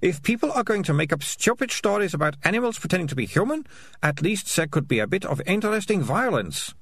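Scornful, bossy storybook girl, read by a man, raised and husky, wide swings. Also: high-pitched, big pitch swings, fairly bright tone, no room sound, studio quality, pitched above the performer's own voice, heavily acted. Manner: lecturing, scornful, rapid-fire. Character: bossy, sharp-tongued young girl.

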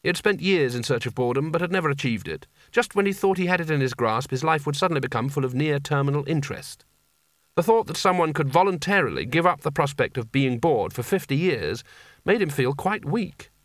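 A man narrating a comic fantasy novel aloud with wry, expressive storytelling. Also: a little high, fairly quick, no room sound, studio quality. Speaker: audiobook narrator.

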